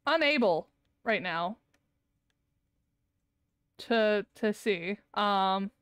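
A woman's voice: medium pitch, animated, extremely slow, a bit bright, clean tone, dry recording, studio quality. A woman streaming a game live, ranting and swearing in exasperation, with lots of laughter. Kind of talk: live gameplay commentary.

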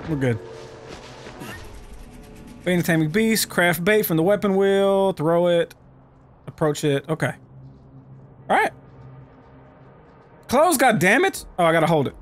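Loud, excitable man shouting through a game. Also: high-pitched, a little slow, long pauses, soft background music. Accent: Southern US. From United States. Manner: excitable, yelps and shouts when startled. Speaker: gaming YouTuber. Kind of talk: profane let's-play commentary.

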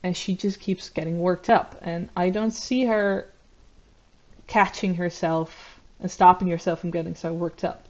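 A woman commentating on a video, talking in a measured, reflective way with frequent ums and uhs. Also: on the low side, steady tone, darkish tone, highs cut off. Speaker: YouTube commentator. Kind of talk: analytical commentary.

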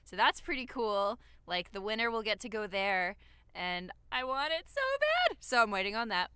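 A woman's voice: medium pitch, normal speed, smooth, no room sound. A woman co-hosting a casual podcast chat, eager and upbeat in her talk. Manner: eager, upbeat, animated asides. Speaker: podcast co-host.

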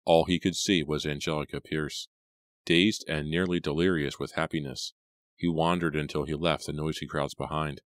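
A man reading a horror audiobook in a measured, steady narration. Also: a bass voice, no room sound, studio quality. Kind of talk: scripted narration.

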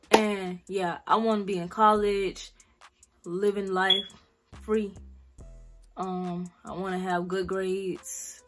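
A young woman in her late teens, South Carolina accent and all, answers viewer questions in a casual vlog with blunt slang and free swearing. Her mid-range voice has a fairly bright tone.

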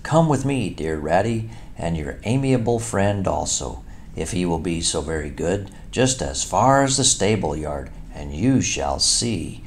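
A man voicing a boastful, excitable male toad in a storybook reading, with a grand, gushing manner. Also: deep voice, unhurried, a little hiss or hum. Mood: scornful. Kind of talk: storybook character voice.

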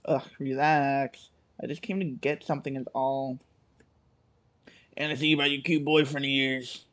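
A man voicing a moody, exasperated teenage girl in a game reading, drawling her lines slowly. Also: mid-range voice, level tone, a bit bright, natural voice. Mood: sulky. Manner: slow, sulky, exasperated.

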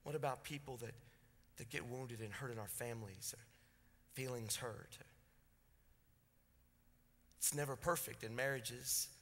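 A pastor preaching a sermon, swinging between loud, fervent passages and hushed, intense ones. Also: male voice, mid-range voice, steady tone, measured pace, pauses often. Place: church sanctuary. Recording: church sanctuary reverb.

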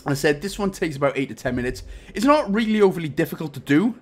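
A man's voice: fairly high pitch, lively intonation, quick pace, a little mellow. A young Welsh man talking through a game walkthrough, giving step-by-step instructions broken up by jokey, rambling asides. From Wales. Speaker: game guide narrator. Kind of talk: commentary over gameplay walkthrough.

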